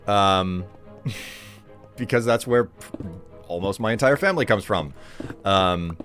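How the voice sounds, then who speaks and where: A man streaming himself gaming, chatting in a relaxed, rambling way that often corrects itself. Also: fairly low pitch, takes it slowly, faint music behind. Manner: rambling, self-correcting, chuckling. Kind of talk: laid-back live-stream chat while gaming.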